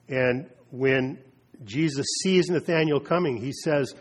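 A man preaching a sermon, retelling scripture with slow, emphatic pauses and drops in his voice. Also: medium pitch. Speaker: pastor.

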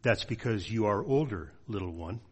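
Man doing a wise storybook lion, gentle, low, soft, husky. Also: animated, moderate pace. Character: great wise male lion, gentle and calm.

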